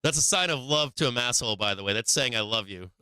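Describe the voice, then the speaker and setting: A man chats on a stock market livestream, cursing freely and breaking into laughter as he jokes with his chat. His voice is bright and clear. The close mic gives a dry, intimate sound. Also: medium pitch, lively intonation, fast talker, no room sound. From Massachusetts. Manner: profane, laughs often, joking with chat.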